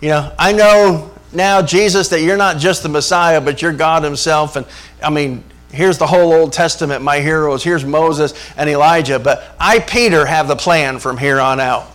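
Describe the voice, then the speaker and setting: A preacher putting on a brash, impulsive apostle who talks over everyone in a boastful, hasty rush. The voice sits a little high and pushes forward loudly. He sounds overeager and certain. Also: moderate pace, close to an everyday voice. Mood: brash eager. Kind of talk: sermon retelling.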